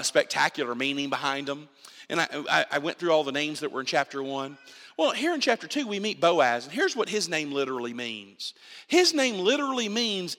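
A man preaching a sermon as pastor, emphatic and repeating himself as he builds his points. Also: on the high side. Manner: animated, emphatic preaching with repetitions and restarts. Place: church sanctuary. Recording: reverberant church hall.

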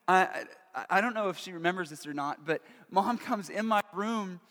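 A man with a high-pitched voice delivers a sermon, telling a personal story in an earnest, emotional way with frequent fillers. His voice rings through a church sanctuary with a long reverb tail. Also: moderate pace, a bit bright. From Pittsburgh, USA. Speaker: pastor. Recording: long reverb of a large hall.

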